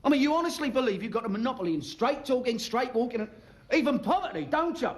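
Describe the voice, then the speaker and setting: A brash, quick-tongued Cockney con man, all cheeky patter in a TV drama. His voice sits high and the words tumble out fast. He gives as good as he gets in every insult. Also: lively intonation. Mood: arguing. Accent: London Cockney. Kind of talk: TV drama acting.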